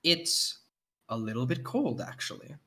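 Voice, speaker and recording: A man's voice: medium pitch, very animated, measured pace, bright, forceful tone. A male game master narrates a tabletop role-playing session in a loose, rambling way. He fills his sentences with ums, likes and restarts as he goes. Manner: rambling, filler-heavy narration.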